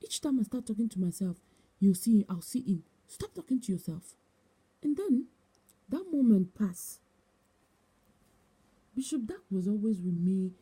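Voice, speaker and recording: A woman's voice: medium pitch, animated, measured pace, long pauses, warm tone, slightly rough. A woman giving a personal testimony, telling her story with emotion and repetition and acting out the voices of others. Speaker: testimony speaker.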